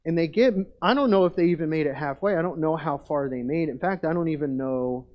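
A man preaching a sermon in a conversational, rambling way, often restarting sentences and getting animated when he tells funny stories. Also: a little high, fairly quick, highs cut off. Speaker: pastor.

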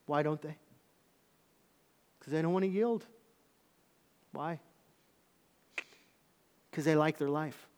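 Animated preacher man in a reverberant hall. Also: fairly high pitch, takes it slowly, long pauses. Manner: animated storytelling, swings from loud to hushed. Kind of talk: sermon. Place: church auditorium. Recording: long reverb of a large hall.

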